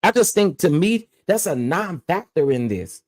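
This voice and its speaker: A man's voice: a little high, big pitch swings, measured pace, darkish tone. A man hosting his own commentary channel, ranting bluntly and emphatically and repeating phrases to press his point.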